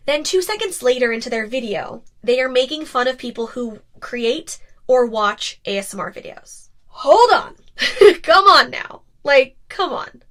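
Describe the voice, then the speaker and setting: A woman's voice: on the high side, a bit bright. A young woman hosting a podcast, talking candidly and expressively in a casual monologue, sometimes teasing. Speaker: podcast host and ASMR creator.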